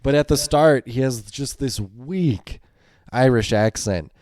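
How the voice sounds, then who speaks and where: A man's voice: mid-range voice, slow, crowd noise. Casting: male film-podcast co-host, blunt and opinionated, rants in loose casual chat. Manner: opinionated, ranting critique.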